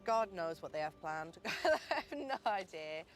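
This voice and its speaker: A woman's voice: on the low side, animated, moderate pace, a little hiss or hum. A woman on a reality show speaking with nervous giggles, heard as distant clip audio.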